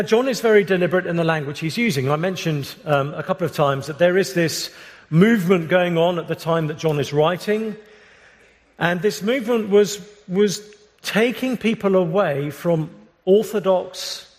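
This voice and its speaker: A British man preaching a sermon as pastor, earnest and measured, often restarting his phrases. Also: high-pitched. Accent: British English. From Britain. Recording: long reverb of a large hall.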